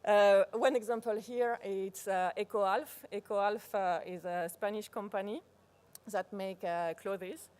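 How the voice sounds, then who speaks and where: A woman with a French accent, a native French speaker, giving a live workshop presentation, pausing often to search for words and restarting phrases. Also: medium pitch, fairly even intonation, darkish tone, clean tone. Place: conference workshop room.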